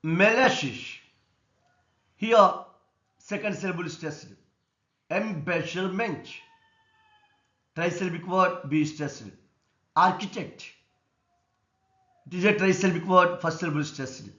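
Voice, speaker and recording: A man with an Indian English accent teaching an English lesson on word stress, explaining slowly and deliberately. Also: high-pitched, pushed and bright. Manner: slow, deliberate explanation, repeating words and stress rules. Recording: echoey room, dull lo-fi sound.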